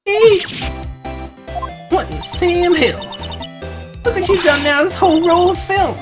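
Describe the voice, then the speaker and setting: A woman's voice: very high-pitched, takes it slowly, pitched above the performer's own voice. A woman voicing a brash Southern woman photographer with a thick folksy drawl over game music. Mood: indignant. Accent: Southern US drawl, put on. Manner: loud and scolding.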